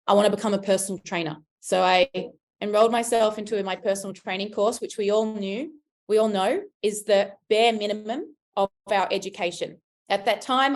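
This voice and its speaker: A young adult woman with an Australian accent, a fitness coach giving an emphatic motivational talk to a live audience and often asking the room questions. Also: mid-range voice. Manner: emphatic, asks the room questions, frequent "right?".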